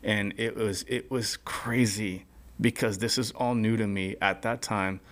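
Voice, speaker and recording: This is a man with a lowish voice, a guest on a casual podcast. He speaks earnestly about his faith. He often pauses, restarts and fills the gaps with "um" and "like.". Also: fairly even intonation, a bit bright. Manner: earnest, halting, many fillers.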